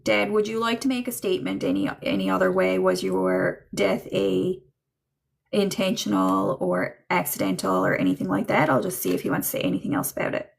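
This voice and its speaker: A woman medium talking through a livestream reading in a chatty, halting way, full of ums and little laughs. Her voice has a gravelly, fry-edged texture at a middling pitch. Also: lively intonation. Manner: chatty, hesitant, filler-heavy, laughs often.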